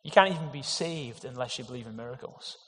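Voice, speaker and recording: Speaking fast with a mid-range, fairly bright voice, this pastor delivers an earnest, emphatic sermon full of rhetorical questions aimed at the congregation. The recording carries a long hall reverb.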